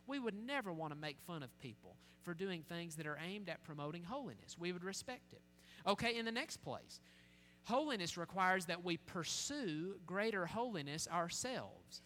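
A man delivers a sermon in a high, bright voice, circling back to earnest rhetorical questions. His voice rings out with a long hall reverb, and a faint hum sits underneath. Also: animated, moderate pace. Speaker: preacher.

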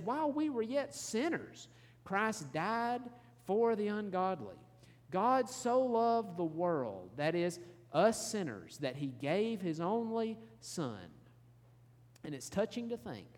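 A man preaching a sermon, explaining scripture in an earnest, measured teaching manner. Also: sits high. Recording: long hall reverb.

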